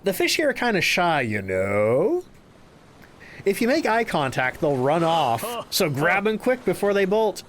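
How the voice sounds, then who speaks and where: A man's voice: high-pitched, sing-song, takes it slowly, slight background noise, full character voice. A man reading out a chatty male fish merchant's lines in a friendly, conspiratorial way. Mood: chummy.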